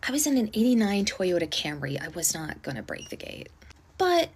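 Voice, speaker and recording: A woman casually telling a storytime at home, animated and indignant, acting out what others said. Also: mid-range voice, moderate pace, slightly rough. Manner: animated, indignant retelling with acted-out quotes; speaking quietly to avoid disturbing a neighbor.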